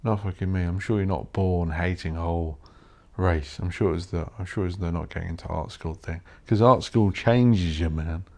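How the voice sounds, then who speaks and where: A man with a very low voice, hosting his own podcast alone. He rambles and thinks out loud in a blunt, sweary, offhand way. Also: moderate pace, few pauses. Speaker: podcast host. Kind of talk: rambling solo podcast monologue.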